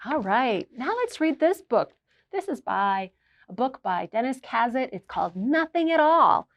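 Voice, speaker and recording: A woman's voice: fairly high pitch, a little slow, lo-fi sound. A woman who works as a children's librarian, reading a picture book aloud and asking her listeners questions as she goes. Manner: expressive storyteller who asks listeners questions.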